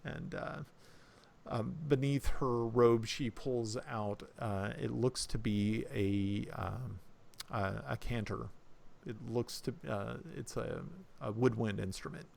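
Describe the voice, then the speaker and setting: Tabletop game master, male, gravelly and hesitant, rambling narration. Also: mid-range voice, steady tone, takes it slowly, a little mellow. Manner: hesitant, many fillers and restarts.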